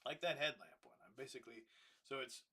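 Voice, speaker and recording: A man's voice: mid-range voice, animated, fairly quick, pushed and bright, breathy edge. A man hosting a livestream while building with Lego, chatting casually, thinking aloud and muttering to himself as he works. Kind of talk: casual rambling livestream chat.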